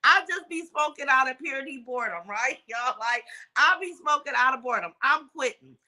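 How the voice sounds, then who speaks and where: Older woman, casual livestream chat, high voice, real bright and lively storytelling. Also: fairly quick, rough recording. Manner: animated storytelling, swears, laughs often. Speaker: livestream host.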